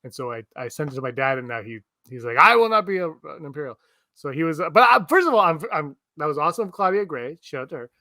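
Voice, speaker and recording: A man co-hosting a podcast, chatting casually and telling rambling, animated stories full of restarts. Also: fairly high pitch, fast, few pauses, no echo. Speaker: podcast co-host. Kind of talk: casual chat. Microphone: streamed remote podcast setup.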